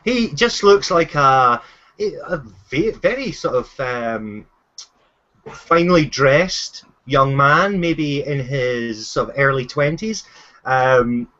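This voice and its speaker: A man's voice: mid-range voice, expressive, slow pace, bright, forceful tone, dull audio. A man running a tabletop game as game master, narrating hesitantly with many fillers and restarts.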